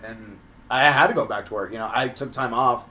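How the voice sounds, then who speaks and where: A man's voice: mid-range voice, brisk, sharp tone. A man guesting on a podcast as a comedian, chatting casually and agreeing a lot. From Los Angeles. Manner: agreeable, lots of "yeah", laughs easily. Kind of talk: casual chat.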